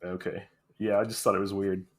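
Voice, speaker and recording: A man co-hosting a podcast, talking in a relaxed, thoughtful way about a comic. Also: sits low, brisk, husky. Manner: relaxed, thoughtful, laughs easily. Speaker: podcast co-host. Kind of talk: casual chat about a comic.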